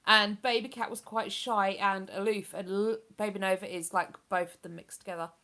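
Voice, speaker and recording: A woman's voice: mid-range voice, fairly even intonation, normal speed, pushed and bright. A woman with a chatty, rambling manner, hosting a casual live stream and reading out viewer comments. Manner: chatty, rambling, with many fillers.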